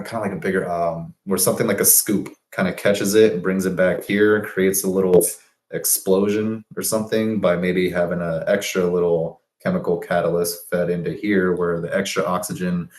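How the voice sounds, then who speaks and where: Deep-voiced man musing over sketches. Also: a little mellow, reverberant. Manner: rambling, thinking aloud with fillers and self-corrections. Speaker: presenter of business ideas. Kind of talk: casual explanation of sketches.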